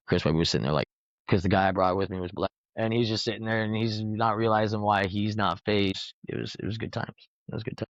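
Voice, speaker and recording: A man's voice: on the low side, fairly even intonation, fast talker, no echo. A man telling rambling, profane anecdotes in a casual podcast chat. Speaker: podcast host. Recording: dull lo-fi recording.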